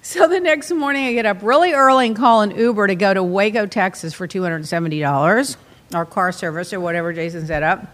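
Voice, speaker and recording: A middle-aged woman hosting, telling a casual story in an animated, dramatic way with lots of exclamations. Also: medium pitch, fairly quick. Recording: long reverb.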